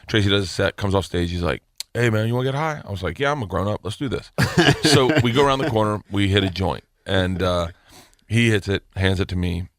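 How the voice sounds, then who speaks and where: A man, a comedian, telling a wild story on a podcast, jumping his voice up high whenever he acts out what people said. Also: a little fast, no echo, studio quality. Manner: energetic, voice jumps high when acting out quotes.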